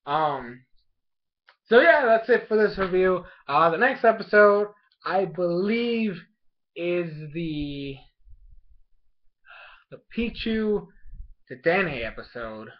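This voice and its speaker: A man casually reviewing an anime episode, rambling with lots of fillers and excited laughs. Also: high-pitched, takes it slowly, long pauses. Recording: dull lo-fi sound.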